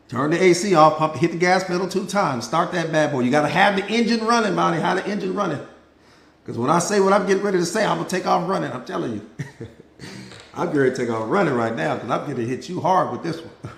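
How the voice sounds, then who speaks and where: A man's voice: on the high side, lively intonation, quick pace, gravelly, fairly bright tone, echoey room. A man giving a live motivational talk as a mindset coach, emphatic and preachy, repeating key lines and bantering with people in the audience by name.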